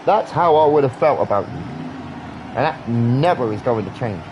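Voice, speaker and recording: A man's voice: mid-range voice, animated, moderate pace, noisy background. A British man in his thirties rambling earnestly in a casual live-stream chat, swearing often. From Britain.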